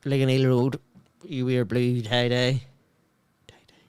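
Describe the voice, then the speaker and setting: A man in mid-range pitch chats loosely while watching a match, teasing his co-host and cursing casually. His voice is recorded close and dry, with almost no room sound. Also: flat delivery, a little slow, darkish tone, clean tone, dry recording. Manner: bantering, jokey, swears casually. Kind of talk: casual football watchalong banter.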